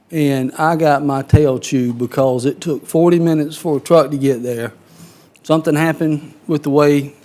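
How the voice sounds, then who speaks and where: A man's voice: mid-range voice, darkish tone. A man, a county council member telling a blunt, folksy story in a meeting.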